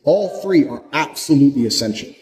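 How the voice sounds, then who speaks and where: A man's voice: medium pitch, lively intonation, brisk, darkish tone, slight background noise. A young adult man giving a blunt, profane motivational monologue, speaking with hard conviction. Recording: echoey room with long reverb.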